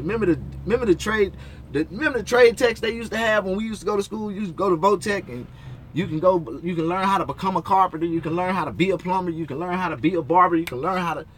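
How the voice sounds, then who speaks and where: A man with a high, bright voice that leaps around as he rants. He curses constantly and rambles from one complaint to the next, hosting his own talk show from inside his motorhome. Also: slight background noise. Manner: profane, rambling rant with frequent cursing. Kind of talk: solo ranting talk show.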